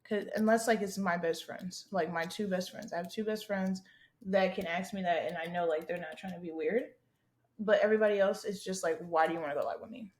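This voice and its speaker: A young woman hosts her own podcast, casually and bluntly working through listener questions on her own, swearing freely and leaning heavily on slang. Her voice is medium in pitch with a steady tone and a brisk delivery.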